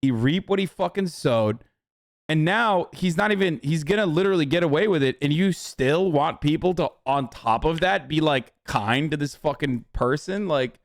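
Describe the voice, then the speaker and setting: Give me a heated young man on a livestream, cursing and arguing, slightly high, close and dry. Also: expressive, normal speed, dry recording. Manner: profane, heated, argumentative. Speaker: livestream host. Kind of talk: casual livestream rant.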